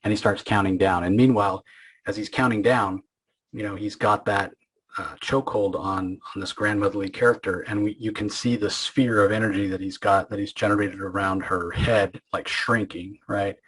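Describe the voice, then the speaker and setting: A man's voice: fairly low pitch, fairly even intonation, normal speed, a bit bright, breathy edge, rough recording. A man hosting a podcast, retelling a comic book story in loose, rambling speech full of fillers and restarts. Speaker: podcast host. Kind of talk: casual comic book recap.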